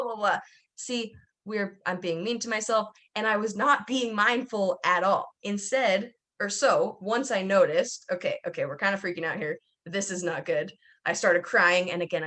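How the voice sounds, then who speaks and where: A young woman hosts a podcast from home, her medium-pitched voice slightly bright. She chats candidly and casually, rambling along with plenty of filler words.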